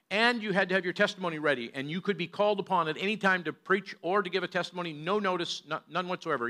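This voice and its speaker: An older man, a pastor, telling a story in a sermon and moving between loud bursts and hushed passages. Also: fairly high pitch.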